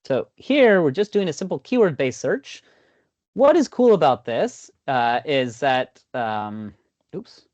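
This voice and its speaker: A man giving a conversational software demo in an online meeting, full of "you know" and "um". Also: a little high, big pitch swings, slow, no room sound. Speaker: product demo presenter. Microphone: video call. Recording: dull lo-fi video call audio.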